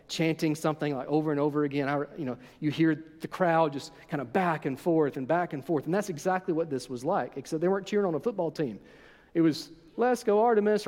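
A man preaching a sermon, retelling a scripture passage with lively storytelling and acting out the crowd's voices. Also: on the high side, big-room sound. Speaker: pastor.

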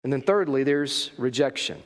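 A man's voice: mid-range voice, animated, moderate pace, big-room sound. A man delivering a sermon as a pastor, emphatic and full of rhetorical questions.

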